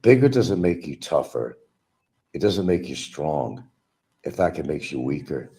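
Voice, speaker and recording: A man with an extremely deep, gravelly voice rants through a stream monologue. He mocks and calls out absent rivals, and his pitch swings widely. The tone stays dark throughout. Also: sing-song, unhurried. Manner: combative, mocking, talks to absent rivals. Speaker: livestream host. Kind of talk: ranting monologue.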